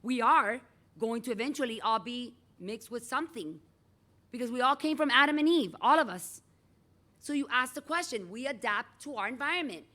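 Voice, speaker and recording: A middle-aged woman teaching a class, her voice sitting a little above the usual pitch. She talks in a chatty, animated way and calls on students by name as she goes. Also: moderate pace. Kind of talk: classroom lecture.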